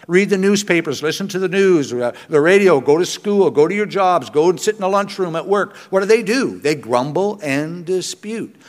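An older man preaching from the pulpit in a slightly higher voice, earnest and chatty, poking fun at himself as he goes. His words ring out with a long reverb, as in a large church hall. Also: lively intonation, moderate pace, few pauses. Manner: earnest and conversational, with self-deprecating humor. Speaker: pastor. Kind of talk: sermon.

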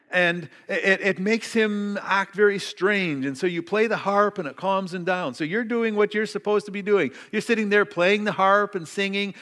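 A middle-aged man preaches a sermon, retelling a story with animated asides and an occasional joke. His voice sits a little high for a man. The sound carries a long reverb, as in a church sanctuary. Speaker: pastor. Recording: reverberant hall.

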